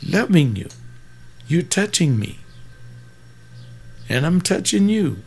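A man's voice: on the high side, sing-song, slow pace, creaky, a little mellow, husky. A man in his seventies preaching in an informal, rambling way, fervent, with folksy asides and sudden bursts of emphasis. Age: 70s.

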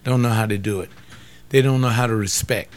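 A man's voice: mid-range voice, steady tone, a little fast. An older man giving an informal sermon, repeating phrases for emphasis and talking straight to his listeners. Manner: repetitive, emphatic, conversational preaching. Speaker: pastor.

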